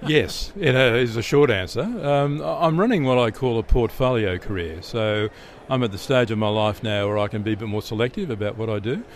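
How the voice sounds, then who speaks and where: A man's voice: medium pitch, brisk, hardly any pauses, a little hiss or hum. A middle-aged Australian man, an interview guest telling stories in a chatty way, often restarting and repeating words. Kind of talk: relaxed storytelling answers.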